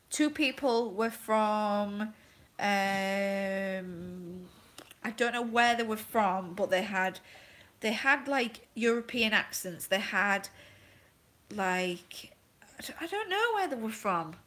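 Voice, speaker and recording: A woman's voice: medium pitch, lively intonation, slow pace, fairly bright tone, poor audio. A woman, a vlogging mother, chatting on a casual livestream and rambling through stories with many fillers. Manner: rambling, filler-heavy storytelling with laughter.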